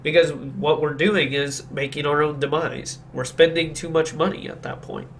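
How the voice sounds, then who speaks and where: A man's voice: fairly high pitch, fairly even intonation, moderate pace, vocal fry, fairly bright tone, a little hiss or hum. A man hosting a podcast, chatting casually about politics in a blunt, opinionated way and agreeing emphatically. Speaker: podcast host.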